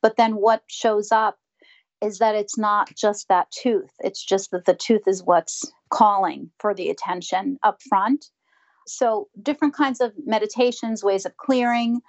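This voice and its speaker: A woman's voice: mid-range voice, steady tone, unhurried, highs cut off. A woman dentist speaking earnestly and reflectively in a conversational interview, sometimes acting out what her patients say. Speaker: dentist guest.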